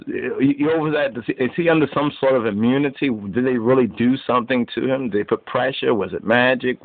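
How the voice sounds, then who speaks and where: A man's voice: medium pitch, no room sound. A man giving an informal Bible study, reading verses aloud and then explaining them in a conversational way while he keeps checking "you understand?". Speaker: Bible teacher. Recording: dry, narrow phone-like sound.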